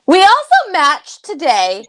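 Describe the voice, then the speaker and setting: A woman's voice: very high voice, wildly swooping pitch, slow, a bit bright. A woman co-hosting a psychic reading livestream, comforting her co-host and calling her honey, with a slightly indignant edge. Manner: comforting, calls people honey, a little indignant. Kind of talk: livestream chat.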